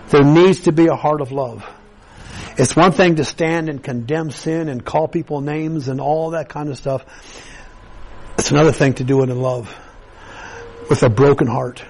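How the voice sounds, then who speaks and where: A man delivers a sermon in an earnest, conversational way, his voice sitting a little high for a man. He often stumbles and restarts phrases, repeating words as he works through his point to the congregation. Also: poor audio. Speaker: pastor.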